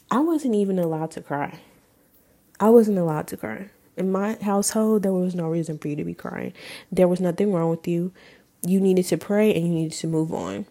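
A twenty-something podcast host with a fairly low-pitched, dark-toned voice delivers a personal storytelling monologue. Her account of her own life is candid and emotional, peppered with casual swearing.

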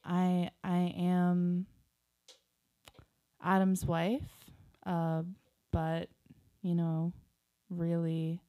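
A young woman co-hosting a podcast in casual chat, speaking in a grounded, pausing way with many fillers. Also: lowish voice, completely flat delivery, dark tone. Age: young adult. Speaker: podcast co-host.

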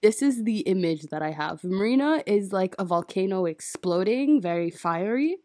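Young woman, casual storytelling, dry close sound, middle pitch. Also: expressive, moderate pace, mellow, no echo. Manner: storytelling, swearing freely. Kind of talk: casual chat.

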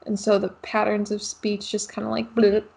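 Wry, slightly husky woman co-host. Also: medium pitch, monotone, moderate pace. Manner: wry, joking, giggly. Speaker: podcast co-host. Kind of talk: casual chat.

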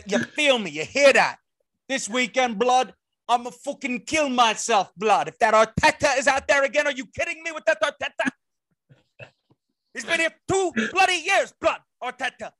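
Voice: high-pitched, no room sound, clean studio sound, pitched above the performer's own voice. A podcaster voicing a mouthy young male London football fan in a rowdy, profane Cockney accent. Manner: rowdy, slangy, profane, shouting.

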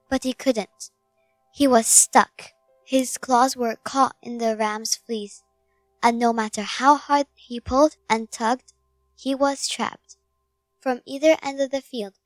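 A woman narrating a children's fable slowly and gently, recorded close on a dry mic. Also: a little high, fairly even intonation, dry recording, faint music behind. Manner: slow, gentle storybook reading. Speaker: storyteller.

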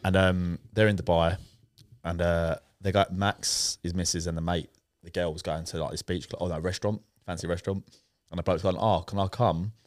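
Deep-voiced man telling a story. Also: little pitch movement, a little fast, no echo, studio quality. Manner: laid-back storytelling with slang and laughs. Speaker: podcast co-host. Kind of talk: casual chat.

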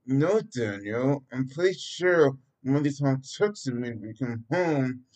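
A man's voice: medium pitch, animated, unhurried, a little mellow, lightly acted. A man voicing an exasperated, protective mother in a read-aloud story, speaking sharply and with impatience. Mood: impatient.

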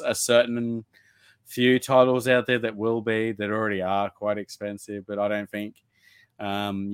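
Casting: a man with a lowish voice, easygoing podcast host reading viewer comments, dry close sound. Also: fairly bright tone, clean tone, dry recording. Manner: reads viewer comments aloud, laughs easily. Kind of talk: casual podcast chat.

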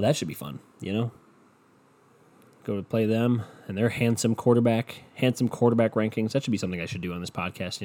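A young male podcast host with a somewhat low, slightly mellow voice rants casually and sarcastically about football. He swears a lot throughout this laid-back sports rant.

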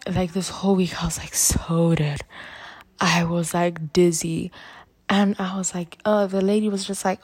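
A teenage girl with a runny nose talks on her own podcast, rambling and stacking up fillers. Her voice sits a little low for her age. The sound is dry and close, with no room around it. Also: level tone, measured pace, a little mellow, husky, dry recording. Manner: rambling, filler-heavy storytelling with laughs. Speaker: podcast host. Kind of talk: casual solo podcast chat.

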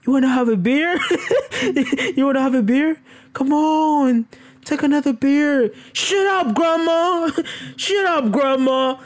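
A man voicing a swaggering, pushy wannabe-killer character in a loud, raised, laughing voice. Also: very high-pitched, a little slow, pitched above the performer's own voice.

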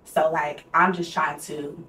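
She speaks slowly in a low, slightly bright voice that barely changes pitch. As a young co-host on a podcast, she recounts a personal story candidly and conversationally, leaning heavily on "like," over roomy echo, a distant mic and faint noise.

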